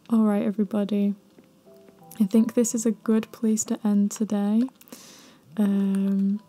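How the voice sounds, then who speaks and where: A young woman giving soft, cheerful commentary over a cosy game. She gushes over small things and drops into quiet whispered asides. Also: mid-range voice, steady tone, measured pace. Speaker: gaming video creator.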